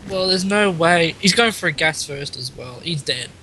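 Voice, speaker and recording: A man's voice: fairly high pitch, animated, moderate pace, pushed and bright, poor audio. A man co-casting a live video game match with short, plain remarks. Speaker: esports co-caster. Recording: faint hiss.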